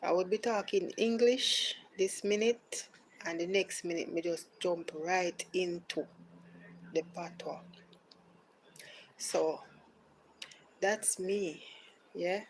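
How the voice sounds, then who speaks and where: A Jamaican woman talks through a live podcast in a relaxed, casual way, taking her time over each phrase. Her voice sits a little low, and now and then she drops to a soft near-whisper. A faint hiss sits under the recording. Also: takes it slowly, pauses often, rough recording. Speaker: podcast host.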